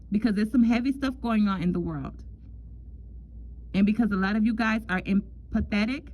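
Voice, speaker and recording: A woman talks through a casual love reading as a tarot reader, at an everyday middle pitch. She is chatty and loose, often repeating herself and calling the listener "girl". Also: darkish tone, poor audio.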